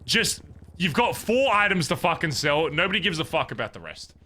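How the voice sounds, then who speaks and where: A man livestreaming a roleplay game, chatting casually and ranting loudly with lots of swearing. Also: a little high, big pitch swings, a little fast. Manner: loud, profane, ranting. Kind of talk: casual streaming chat and ranting.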